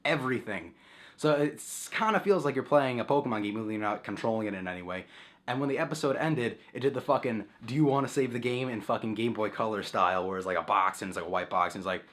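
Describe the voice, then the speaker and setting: A man's voice: on the low side, fast, a bit bright. A young man vlogging casually at home, rambling and sidetracking, swearing often and acting out sound effects.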